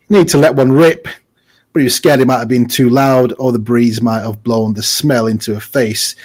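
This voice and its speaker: A man's voice: mid-range voice, darkish tone. A man co-hosting a casual advice podcast, joking and acting out little scenes as he talks. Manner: jokey, acts out little scenes. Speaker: podcast co-host.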